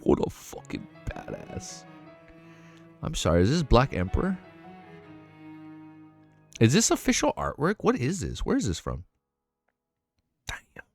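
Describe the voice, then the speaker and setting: A man reads a story aloud and keeps stopping to react, his voice swinging widely in pitch as he gets excited. He swears casually and loudly in his excited outbursts. Soft music plays faintly behind him. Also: unhurried, pauses often. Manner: swears a lot, excitable outbursts between read passages. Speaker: webnovel reaction streamer.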